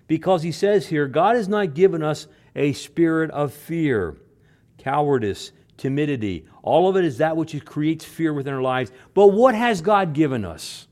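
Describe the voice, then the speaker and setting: Man preaching, hushed to emphatic. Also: fairly high pitch, normal speed. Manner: repeats phrases for emphasis, swings from loud to hushed. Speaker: pastor. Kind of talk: sermon.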